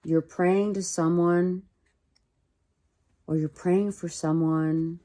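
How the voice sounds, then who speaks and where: Low, slow, mellow-voiced woman tarot reader. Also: fairly even intonation. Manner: musing, repetitive, thinks aloud with restarts. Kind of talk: casual tarot reading.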